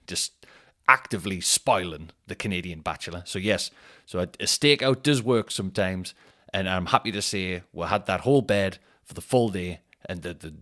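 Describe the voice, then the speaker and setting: Podcast host, man, slightly low voice, rambling, jokey anecdotes with lots of fillers. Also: fairly bright tone. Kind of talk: casual storytelling.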